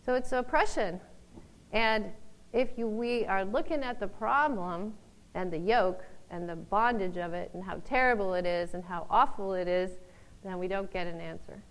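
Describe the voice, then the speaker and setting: A woman teaching from the Bible in an informal talk, laughing often and acting out the people she quotes in loud voices. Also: medium pitch, moderate pace, poor audio.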